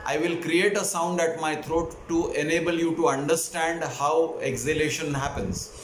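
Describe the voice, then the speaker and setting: A man teaching a breathing technique, explaining each step calmly before demonstrating it. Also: a little high, moderate pace. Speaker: breathing instructor. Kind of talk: instructional demonstration. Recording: echoey room, faint noise.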